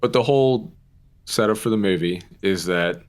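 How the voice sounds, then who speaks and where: Chatty low-voiced young man co-hosting. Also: normal speed. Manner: chatty, rambling, with frequent "like" and casual swearing. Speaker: podcast co-host. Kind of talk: casual chat.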